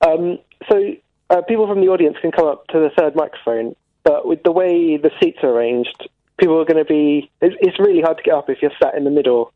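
A man's voice: fairly high pitch, brisk, no room sound. A man phoning in to a radio show, hesitant and fretful, with lots of ums. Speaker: radio caller. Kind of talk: casual phone-in chat. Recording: tinny phone line.

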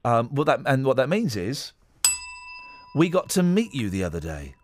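A man hosting a radio talk show from a studio mic, rambling and teasing in an animated way. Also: mid-range voice, moderate pace. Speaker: radio host.

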